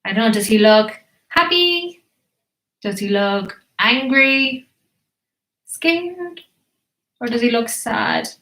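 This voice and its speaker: Slow, bright storytelling teacher. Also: female voice, fairly high pitch, roomy sound. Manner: animated, slow and encouraging, asks questions. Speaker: English teacher reading to children. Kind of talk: live storytelling for kids.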